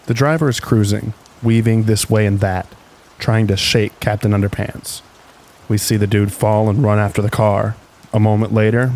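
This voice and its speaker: A man reading stories aloud in calm, unhurried scripted narration meant for falling asleep. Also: on the low side. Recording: faint rain noise behind.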